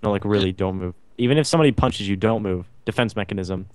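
A man's voice: on the low side, fast, smooth. A man hosting a casual online gaming session with friends, teasing and repeating orders. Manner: bossy, teasing, repeats himself. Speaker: host.

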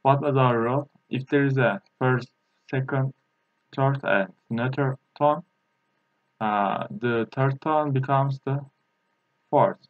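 In a lo-fi, dry recording, a man with a medium-pitched voice leads a language lesson. He's a native Turkish speaker who talks haltingly with many fillers, repeating sounds slowly so learners can practice.

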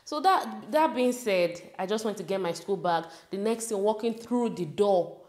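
A young Nigerian woman with a Nigerian accent, telling a school story in an animated, casual way and slipping into pidgin. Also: medium pitch, moderate pace, roomy sound. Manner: animated, mixes in pidgin, laughs while telling. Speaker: vlogger.

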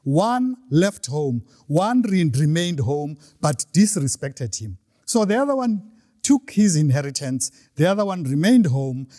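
A male preacher giving a sermon, retelling a parable with animated storytelling and frequent restarts. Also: fairly high pitch, a little slow, no echo, studio quality.

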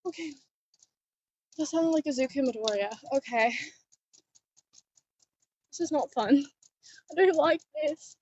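A woman's voice: high-pitched, a little slow, pauses often, a little mellow. A woman cosplay vlogger talking casually while riding a bike outdoors. She is nervous and keeps exclaiming, and is recorded on a phone strapped to the bike. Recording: dull lo-fi phone audio.

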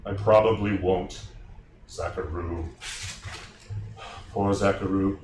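A man's voice: low-pitched, fairly even intonation, takes it slowly, slight background noise. Guy playing macduff, sad crazy immortal scottish warrior, big stage melodrama, roomy far-off sound. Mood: mournful. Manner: melodramatic, swings into shouted outbursts. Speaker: actor in a staged reading. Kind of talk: theatrical monologue. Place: theater stage. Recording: roomy, distant mic.

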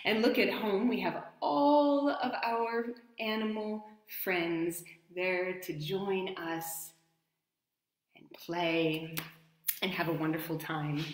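A woman from New York State telling a counting rhyme story to children, gentle and playful, with a slow sing-song delivery. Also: on the low side. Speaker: storyteller and dance educator. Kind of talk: children's story time with movement. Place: home in Italy, echoey room. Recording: echoey room.

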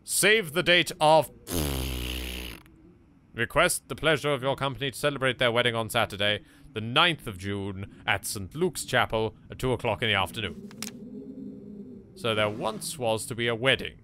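A man's voice: medium pitch, moderate pace, pauses often, sharp tone, slight background noise. An Englishman hosting a let's play, chatting casually and joking as he talks to objects in the game and swears now and then. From England. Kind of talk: casual gameplay commentary.

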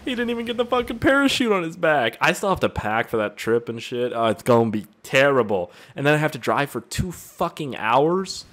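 A young gaming video creator rambles profanely between topics as he plays, sounding tired and easily amused. His slightly high, a bit bright voice swings widely in pitch, moving fairly quickly with hardly any pauses.

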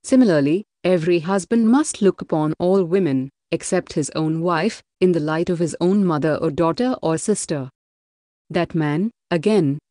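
A woman narrating an audiobook of a religious text in a measured, deliberate reading. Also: lowish voice, warm tone, no room sound, clean studio sound.

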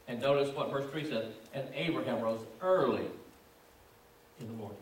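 A man's voice: mid-range voice, brisk. Preacher man in an echoey church. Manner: emphatic, repetitive preaching cadence with rising fervor. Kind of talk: sermon. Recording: echoey room, distant mic.

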